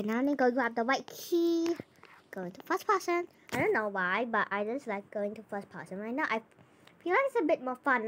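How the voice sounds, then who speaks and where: High-voiced jumpy woman gaming. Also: fairly bright tone, slight background noise. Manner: chatty, narrates every move, jumpy and easily scared; repeats herself and trails off mid-sentence. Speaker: gameplay channel host. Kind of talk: casual gameplay commentary.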